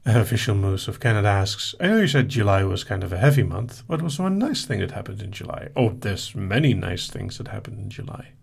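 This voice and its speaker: A man hosting a live session, reading listener questions aloud and answering them in a relaxed, casual way. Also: fairly low pitch, fairly quick, vocal fry, few pauses, slightly rough. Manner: relaxed, reads out questions then answers briefly.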